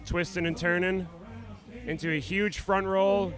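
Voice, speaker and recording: A man's voice: high voice, fairly even intonation, a little slow, fairly bright tone. A man calling a lakeside water-ski show, in easygoing, joking play-by-play banter. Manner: laid-back, joking banter with fillers. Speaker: event commentator. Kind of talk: live play-by-play commentary. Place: outdoor lakeside event.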